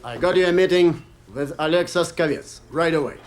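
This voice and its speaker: An actor as a polite fixer. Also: male voice, on the high side, brisk, a little hiss or hum, lightly acted. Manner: polite, formal. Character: polite Russian fixer escorting Americans. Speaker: Russian liaison.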